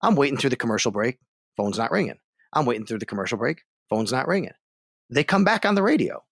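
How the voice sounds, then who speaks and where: A man's voice: medium pitch, quick pace, dry recording, studio quality. A man, a sports radio host, telling a story as a podcast guest and acting out the other voices. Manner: animated, acts out the other voices in his story.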